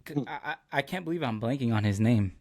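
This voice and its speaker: A man's voice: medium pitch, expressive, quick pace, no room sound, clean studio sound. A young man hosting a podcast, chatting casually and rambling as he searches for words with lots of fillers. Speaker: podcast host. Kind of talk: casual chat.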